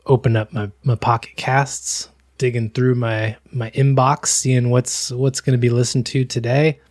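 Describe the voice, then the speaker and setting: A man's voice: mid-range voice, little pitch movement, a little slow, darkish tone. Sardonic American man, mid voice. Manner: sardonic, emphatic storytelling. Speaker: podcast co-host. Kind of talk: casual chat.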